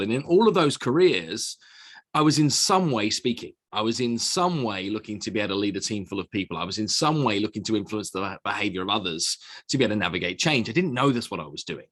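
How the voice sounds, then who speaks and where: A middle-aged man with a mixed British and American accent, telling his story as a podcast guest, lively and full of restarts. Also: lowish voice, fast talker. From United Kingdom. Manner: animated storyteller with frequent repeated words and restarts. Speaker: guest, sales speaker. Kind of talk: conversational podcast interview. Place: small office studio.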